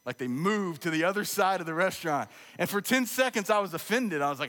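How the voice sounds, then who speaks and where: A slightly high-voiced man in his thirties preaches a sermon. He talks in a conversational, humorous storytelling way, and his voice rings with the long echo of a large church hall. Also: animated, quick pace, a bit bright. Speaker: pastor. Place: church sanctuary.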